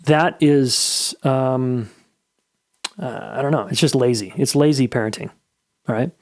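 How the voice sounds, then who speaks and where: A middle-aged man hosts a podcast, speaking a little slowly in a medium-pitched, darkish voice. His casual solo monologue is full of blunt, candid advice and free swearing, recorded at studio quality with no echo.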